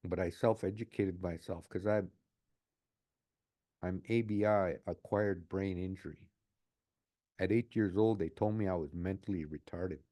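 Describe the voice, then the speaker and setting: Earnest older man with a mellow voice. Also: low voice, fairly even intonation, measured pace, pauses often. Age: 60s. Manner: earnest, repeats his phrases. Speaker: community advocate. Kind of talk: reflective interview talk.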